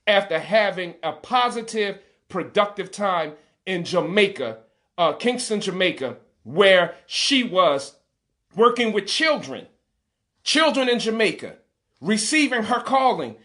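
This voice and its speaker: A man's voice: sits high, a bit bright. A man in his forties, a parent speaking out in an impassioned vlog, indignant and emphatic, repeating key phrases. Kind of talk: impassioned direct-to-camera vlog.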